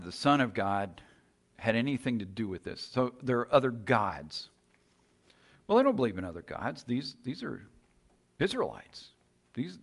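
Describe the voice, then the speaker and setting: This mid-range male voice belongs to a preacher giving a sermon. He retells a scripture story casually, full of rhetorical questions and frequent restarts.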